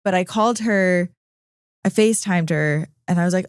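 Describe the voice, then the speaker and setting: A woman hosting a podcast who chats casually and tells stories in an animated way, acting out the voices of the people she quotes. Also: on the low side, fairly quick, smooth, no echo, studio quality. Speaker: podcast host. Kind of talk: casual chat.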